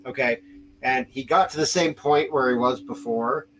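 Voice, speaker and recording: A man's voice: mid-range voice, normal speed, fairly bright tone, slight background noise, poor audio. A man hosting a podcast, telling a story casually with lots of restarts and fillers. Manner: rambling, many restarts and fillers, acts out quoted voices. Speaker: podcast host.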